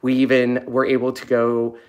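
A man hosting a casual live stream at home, talking fondly to puppies with soft baby talk. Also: mid-range voice, completely flat delivery, moderate pace. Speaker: host of a live puppy stream.

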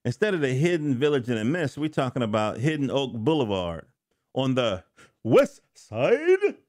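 A man's voice: medium pitch, lively intonation, brisk, a little mellow, no echo, clean studio sound. Man rambling through a comic review. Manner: rambling, self-correcting, joking asides. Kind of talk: casual spoken review. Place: home studio.

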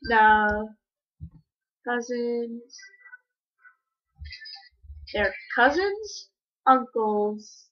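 A woman giving casual, rambling commentary while playing a game, breaking into sudden excited yelps. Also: on the high side. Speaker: gamer. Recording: dull lo-fi recording.

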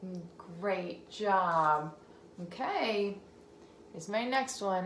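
A woman teacher leading a phonics game for young children, sounding out words slowly, repeating them and praising the child between turns. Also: medium pitch, animated, roomy sound, slight background noise. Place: home room.

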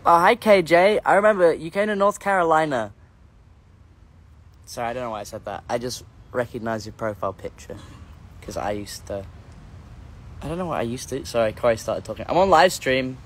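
A man's voice: medium pitch, a little fast. A man hosting a casual livestream, reading out viewer comments and answering in a rambling, playful, self-correcting way.

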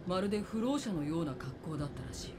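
An actress voicing a serious young woman in a Japanese game, telling a story calmly and gravely. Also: lowish voice, rapid-fire, noisy background. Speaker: game character.

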